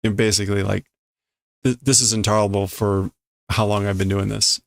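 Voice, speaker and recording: A man's voice: lowish voice, flat delivery, fairly quick, creaky, no room sound, studio quality. A man casually reading a manga aloud on a live stream, sounding out Japanese lines and translating them with amused chuckles.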